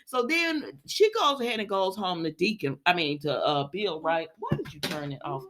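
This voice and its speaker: A woman chatting casually as she recaps a soap opera, a lively storyteller who acts out the characters' lines. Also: on the low side, normal speed, noisy background. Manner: chatty, lively storyteller acting out quotes in voices.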